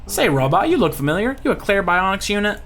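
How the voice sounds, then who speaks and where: Brief: a streamer doing a folksy Louisiana-drawl oil pirate, lively sing-song delivery. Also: medium pitch, quick pace, a little hiss or hum, pitched above the performer's own voice. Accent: put-on Louisiana drawl. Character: gruff fugitive oil pirate man with a drawl. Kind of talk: reading game dialogue aloud.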